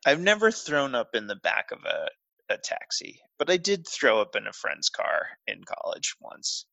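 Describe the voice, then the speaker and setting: Male podcast co-host, bright-toned, rambling delivery, dry close mic. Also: mid-range voice, wildly swooping pitch, normal speed, gravelly, no room sound. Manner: rambling, heavy on fillers like "like". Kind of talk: casual film discussion.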